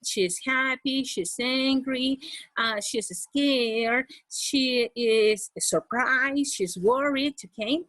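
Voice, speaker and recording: A woman's voice: high voice, very slow, a bit bright, no echo. Woman teaching English, dry close mic. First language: Spanish. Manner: repeats "okay?" after each point, switches into Spanish. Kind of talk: online class lesson.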